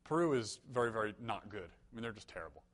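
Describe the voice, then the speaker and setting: A man's voice: lowish voice, animated, fast. A young man preaching a sermon in a conversational, storytelling way, with humorous asides and emphatic peaks. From United States.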